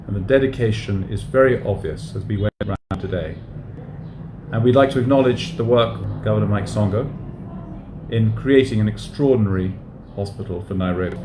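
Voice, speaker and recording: A man on a visit speaks formally, in a slightly low voice. An echoey room with clear noise surrounds him. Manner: formal, admiring. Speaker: visiting guest.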